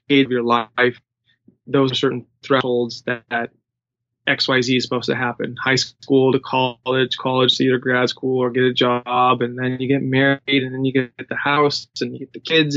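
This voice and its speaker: Gravelly-voiced male running coach. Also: medium pitch, fairly bright tone, no echo, dull audio. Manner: rambling, heavy on fillers like "you know". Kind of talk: casual podcast conversation.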